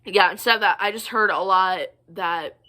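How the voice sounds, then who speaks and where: A woman's voice: mid-range voice, moderate pace, bright, forceful tone. A young woman vlogger telling stories to the camera in a casual, chatty and rambling way. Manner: chatty, rambling, many fillers and asides.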